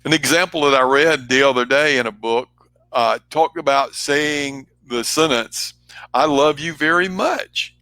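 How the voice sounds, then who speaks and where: A man speaking as a trainer, giving an earnest motivational talk with emphatic, shifting pace and loudness. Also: mid-range voice, a little slow, dry recording.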